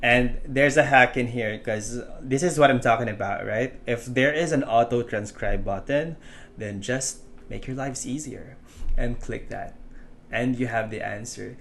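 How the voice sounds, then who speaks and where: A man's voice: mid-range voice, unhurried, fairly bright tone, slight background noise. A man with a Filipino English accent, teaching an online course in a chatty, loose way with many fillers and restarts. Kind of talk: casual tutorial explanation.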